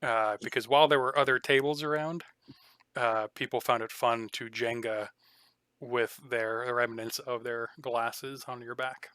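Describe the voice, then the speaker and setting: Bright, clear-voiced man narrating a tabletop game. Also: mid-range voice, a little slow, no echo. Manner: relaxed, rambling narration with frequent ums. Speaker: game master.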